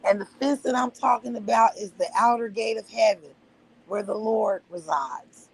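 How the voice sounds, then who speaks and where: A middle-aged woman hosting a livestream launches into an emotional, profanity-laced rant, repeating herself to drive points home. Her voice is fairly high with a breathy edge at normal speed, on a rough recording.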